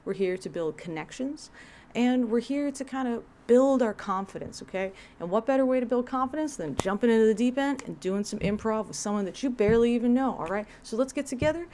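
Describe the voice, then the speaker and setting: A woman's voice: on the high side, animated, fairly quick, dark tone, slight background noise, pitched above the performer's own voice, close to an everyday voice. Woman doing a peppy, coaxing workshop facilitator. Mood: upbeat. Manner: overly upbeat, coaxing. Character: peppy male group facilitator.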